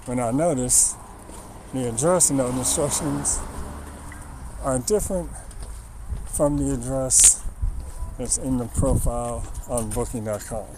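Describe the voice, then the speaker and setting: A man streaming live outdoors, telling a wry, rambling travel story in casual chat full of "like"s. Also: mid-range voice. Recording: faint outdoor noise.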